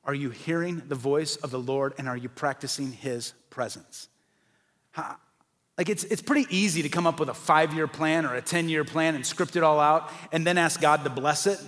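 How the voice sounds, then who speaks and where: A man's voice: a little high, fairly bright tone. A man preaching a sermon as pastor, earnest and building to passionate emphasis. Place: church sanctuary. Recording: long hall reverb.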